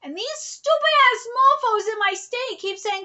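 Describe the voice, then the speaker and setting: High-pitched, bright-voiced woman ranting. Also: expressive, measured pace. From California. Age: 30s. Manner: blunt, profane, impassioned ranting. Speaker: manga reaction streamer. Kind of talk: live reaction commentary.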